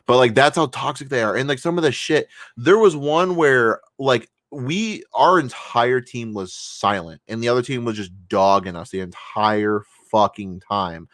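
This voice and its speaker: A man's voice: medium pitch, lively intonation, moderate pace, few pauses, fairly bright tone, no room sound, clean studio sound. A man co-hosting a podcast, telling a story casually with lots of fillers and swearing. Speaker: podcast co-host. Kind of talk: casual chat.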